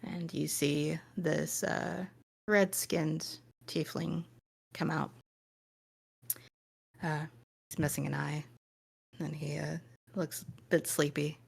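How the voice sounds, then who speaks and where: A woman's voice: low-pitched, flat delivery, slow, vocal fry, long pauses, slightly rough. A woman narrating a tabletop game as game master, casual and full of fillers, now and then putting on voices for characters.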